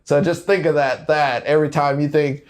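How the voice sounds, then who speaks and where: A man's voice: a little high, fairly even intonation, normal speed. A man in his thirties, a Marine gunnery sergeant and podcast guest, telling casual stories with frequent laughter and quoted exchanges. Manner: laughs often, quotes people in short bursts. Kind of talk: casual interview storytelling.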